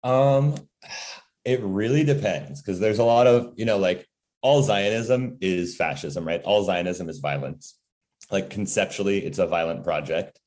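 A man's voice: low voice, a little slow, a little mellow. A man talking casually as a guest, profane and full of filler words. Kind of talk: casual conversation.

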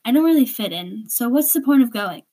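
A woman reads a first-person story aloud with a hesitant, inward manner. Her voice sits fairly high. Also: expressive, brisk, warm tone, breathy edge.

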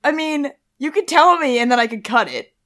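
A woman's voice: sits high, animated, brisk, a bit bright. A young woman co-hosting a casual chat about song lyrics, giggling often and thinking aloud with lots of "like"s. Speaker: podcast co-host.

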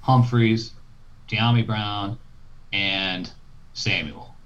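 A man's voice: fairly low pitch, steady tone, drawn-out words, fairly bright tone. A man co-hosting a casual sports podcast, laid-back and hedging. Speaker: podcast co-host. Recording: dull lo-fi sound.

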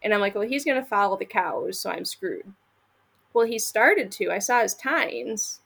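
A woman's voice: mid-range voice, lively intonation, moderate pace, gravelly, fairly bright tone, husky. A woman from Michigan, a podcast guest, telling a story in a casual, blunt and profane way, acting out what people said. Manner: blunt and profane, acts out quoted lines.

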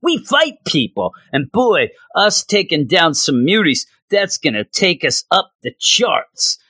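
A man's voice: a little high, sing-song, slow, bright, forceful tone, husky, no room sound, studio quality, pitched above the performer's own voice, full character voice. A man voicing dim, bragging cyberpunk thugs in a dopey comic voice. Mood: boastful.

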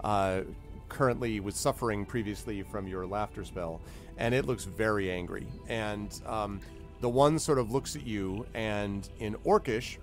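A man running a tabletop role-playing game as game master, narrating in a halting, rambling way. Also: fairly low pitch, soft background music. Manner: rambling, halting, lots of fillers.

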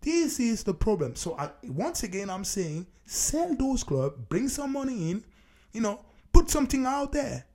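Emphatic talk show host, lively pitch. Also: measured pace. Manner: emphatic, repeats key phrases. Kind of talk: solo opinion monologue. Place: based in Scotland.

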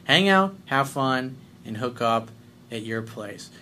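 A man's voice: medium pitch, lively intonation, slow pace, bright, forceful tone, a little hiss or hum. A man coaching listeners on dating in a blunt, emphatic, profane way. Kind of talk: advice monologue reading listener letters.

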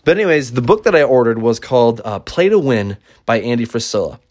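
Talking casually to camera as a parent, a man reviews a children's book in an opinionated vlog, blunt and swearing freely. He uses fillers and restarts a lot and reads dialogue aloud with excitement, in a mid-range voice at a fairly quick pace.

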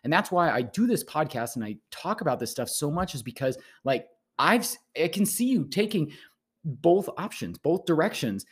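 A man's voice: a little high, normal speed, husky. Male teacher-host, casual rambling monologue of advice, repeats himself. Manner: rambling, repeats words, animated lectures.

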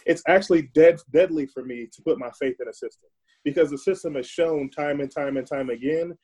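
Man, podcast guest, husky voice, mellow and dark, earnest, repeats words as he thinks. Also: a little high, fairly quick. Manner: earnest, repeats words while searching for them. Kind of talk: conversational, reflective monologue.

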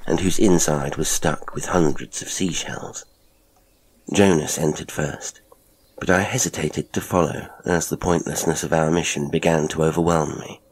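Deep, husky horror narrator. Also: male voice, a little mellow. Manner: measured, low storytelling. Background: faint music.

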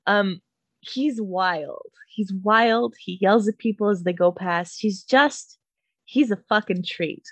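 A young woman from Canada telling a comedic story, animated and profane, often laughing. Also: mid-range voice, takes it slowly, no room sound.

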